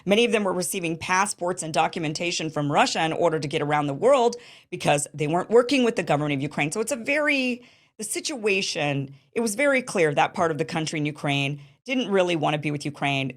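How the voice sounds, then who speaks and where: Impassioned woman host, low-pitched. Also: lively intonation, fast talker. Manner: impassioned, emphatic, indignant. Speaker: show host. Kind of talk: political commentary monologue.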